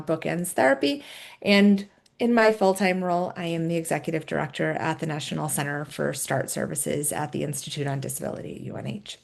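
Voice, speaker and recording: A woman's voice: lowish voice, gravelly. Friendly woman hosting a webinar. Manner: friendly, many fillers. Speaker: host and social worker. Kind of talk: webinar introduction.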